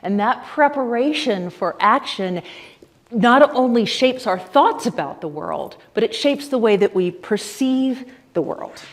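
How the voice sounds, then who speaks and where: A woman giving a conference lecture, explaining ideas in a lively, conversational way with frequent fillers and asides to the audience. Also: fairly high pitch, a little slow. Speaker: conference speaker.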